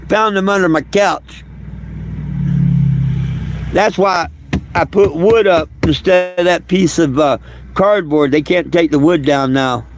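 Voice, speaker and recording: Gravelly rambling man outdoors. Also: a little high, poor audio. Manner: drawn-out, hesitant, full of fillers and repeats. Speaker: vlogger. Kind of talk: casual rambling vlog talk. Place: outdoors by his bus. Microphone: camera he handles himself.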